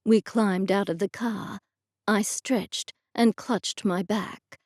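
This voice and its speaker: A woman reading an audiobook as narrator, telling the story in a steady, first-person way. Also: medium pitch, slow pace, no echo, clean studio sound. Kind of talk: scripted narration.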